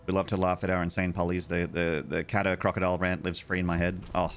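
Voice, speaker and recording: A man's voice: deep voice, little pitch movement, fast talker, a little hiss or hum. An Australian man streaming a game, chatting casually with viewers in a rambling, self-mocking way. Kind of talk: casual chat while gaming.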